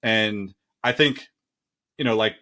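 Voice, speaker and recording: Male host, easygoing, rambles with fillers, lower-pitched voice. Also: slow pace, bright, forceful tone. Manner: laid-back, many fillers like "like" and "you know". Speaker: interview host. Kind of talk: casual interview chat.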